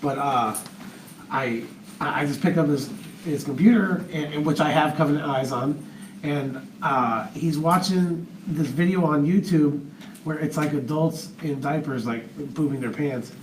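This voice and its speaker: A man's voice: fairly high pitch, measured pace, far from the mic. A father making a comment to the speaker, rambling and hesitant with many restarts. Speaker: parent and event partner. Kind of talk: comment from the audience. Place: large room with an audience. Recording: echoey room, off-mic, faint noise.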